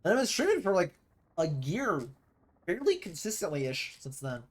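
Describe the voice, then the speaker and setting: A young man streams a video game, chatting casually and rambling as he plays, now and then breaking into sudden loud mimicking shouts. His voice is high-pitched with huge swings in pitch, and he talks at a normal speed.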